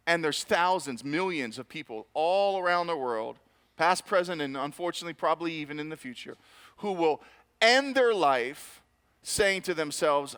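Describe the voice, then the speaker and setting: A man's voice: on the high side, sharp tone. A male pastor telling a self-mocking personal story in a casual, conversational sermon.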